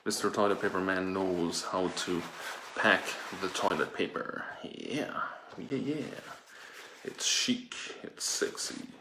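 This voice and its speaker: Taking it slowly in a low-sitting voice, a man plays a gushing, vain toilet paper fashion persona in a campy improvised comedy sketch indoors at home. He's breathless and fawning over his own look, heard in an echoey room with background noise.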